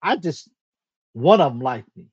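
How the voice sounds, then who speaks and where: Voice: medium pitch, normal speed, husky, highs cut off. A podcast co-host telling a childhood story in casual chat, acting out the quoted dialogue and laughing at themself. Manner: animated retelling, acts out quoted dialogue, laughs at self.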